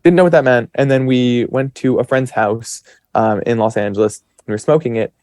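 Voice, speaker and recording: Medium-pitched and a little fast, with a darkish tone, a man in his twenties is heard in studio quality without echo. He's a chatty podcast guest telling casual stories, rambling with fillers and quoted self-talk.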